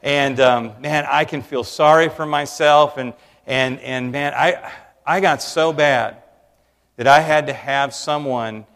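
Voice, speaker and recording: A male pastor delivers an earnest sermon. He swings between raised, emphatic lines and quiet, hushed ones. His mid-range voice carries a long reverb from a large church hall. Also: medium pitch, slow.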